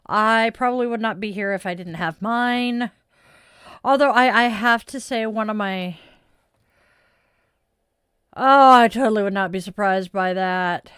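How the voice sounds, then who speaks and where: A woman's voice: medium pitch, measured pace, pauses often, a bit bright, smooth, dry recording, clean studio sound. A woman chatting casually with viewers on a stream, rambling and self-deprecating with frequent sighs. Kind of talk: casual live-stream chat.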